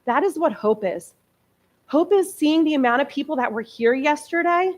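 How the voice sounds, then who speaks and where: A woman's voice: high voice, animated, normal speed. A woman in her early forties giving a candid, emotional personal testimony as a guest speaker in a church. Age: 40s. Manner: candid, conversational, emotional storytelling. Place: church sanctuary.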